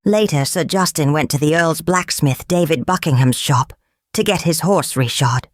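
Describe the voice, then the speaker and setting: A woman narrating a storybook in a slow, measured reading. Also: sits low, no echo, clean studio sound.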